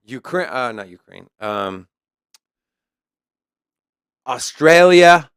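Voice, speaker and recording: A man's voice: mid-range voice, animated, normal speed, fairly bright tone, clear, resonant tone, no room sound, clean studio sound. A man co-hosting a casual crypto news show, reading articles aloud and commenting on them. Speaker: co-host.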